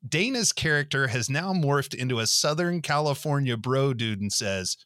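Male podcast host, bright tone, theatrical intros, dry close sound, faint music. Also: mid-range voice, lively intonation, normal speed, no echo. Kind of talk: scripted intro and interview questions.

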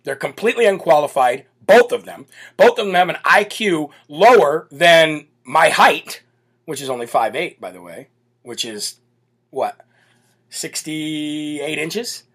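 A man's voice: on the high side, animated, measured pace, fairly bright tone, breathy edge. A man hosting a political talk show, ranting in a brash, sarcastic and mocking way. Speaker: political podcast host.

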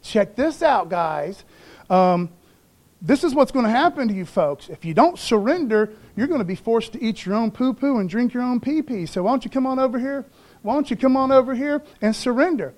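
A man's voice: extremely high pitch, expressive, normal speed, a little mellow. A man voicing a boastful, swaggering Assyrian envoy who taunts in slang during a sermon. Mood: taunting.

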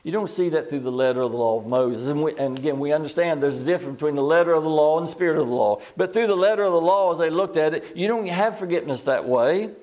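Higher-voiced man preaching a sermon. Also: fast, hardly any pauses, narrow, tinny audio. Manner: reads scripture aloud and asks the listeners questions; repeats words and restarts phrases. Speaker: pastor.

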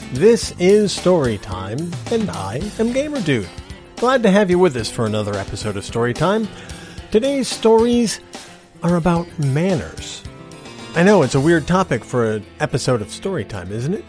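A man's voice: fairly high pitch, a little mellow. A middle-aged man hosting a podcast, talking casually in an earnest, ranting way, on a close podcast mic. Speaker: podcast host. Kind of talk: casual monologue.

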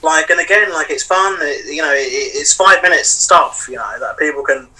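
Bright, husky man on a call. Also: fairly high pitch, normal speed, far from the mic, rough recording. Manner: rambling, heavy on fillers like "you know". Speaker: wrestling promoter and wrestler. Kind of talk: casual podcast chat.

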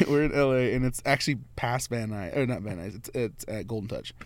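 A man in his twenties, a delivery driver, telling stories to friends in a casual, animated way, acting out the voices of the people in them. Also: medium pitch, fairly quick, no room sound. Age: 20s. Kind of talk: casual storytelling among friends.

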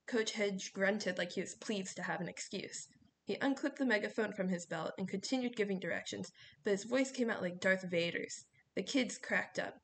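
A woman reading a novel aloud in steady scripted narration. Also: mid-range voice, normal speed. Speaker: audiobook reader.

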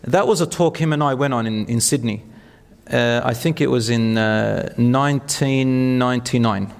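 A man's voice: medium pitch, normal speed, creaky, clean tone. Earnest male speaker in an echoing hall. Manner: earnest, encouraging, storytelling. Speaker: speaker at a talk. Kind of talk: religious talk with Q&A.

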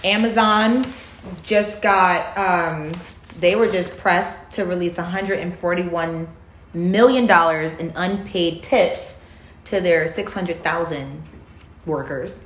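A woman co-hosting a podcast, telling stories in a profane, animated way. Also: lowish voice, slow pace, echoey room, a little hiss or hum. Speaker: podcast co-host. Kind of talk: casual storytelling chat.

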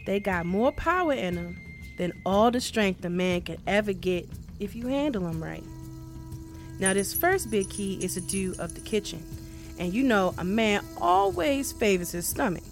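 A woman's voice: mid-range voice, animated, normal speed, soft background music, lightly acted. A woman voicing a sly male devil in a folktale who coaxes and confides with a scheme. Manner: coaxing, confiding.

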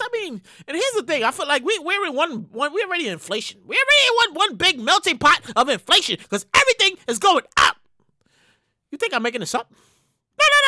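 High, lively woman ranting indignantly. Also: no room sound, studio quality. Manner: animated, indignant, repeats herself, swears. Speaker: show host. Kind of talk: ranting commentary.

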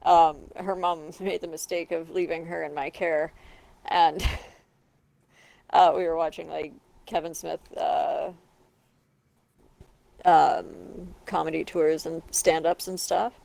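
A woman's voice: sits low, little pitch movement, slow, vocal fry, long pauses, darkish tone. A woman co-hosting a podcast in casual chat, laughing often and swearing freely. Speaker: podcast co-host.

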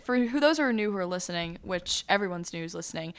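Teen girl co-host, smooth clear voice, chatty and a bit nervous. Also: lowish voice, expressive, fast. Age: late teens. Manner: chatty, giggly, a little nervous. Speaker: podcast co-host. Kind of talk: casual chat. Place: school classroom.

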